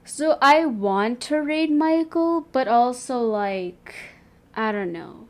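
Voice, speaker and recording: A woman's voice: on the high side, lively intonation, slow. A young woman streamer chatting casually and playfully with a friend, filling her talk with "like". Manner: chatty, lots of fillers, playful. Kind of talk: casual chat on a livestream.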